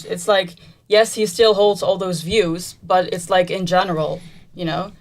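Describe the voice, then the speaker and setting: A woman's voice: mid-range voice, steady tone, normal speed. A woman from the Netherlands, a native Dutch speaker whose English has an American-trained sound with a slight Dutch accent, co-hosting a casual livestream and hedging often. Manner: soft-spoken, hedging with "like" and "I think". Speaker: host's wife, co-host.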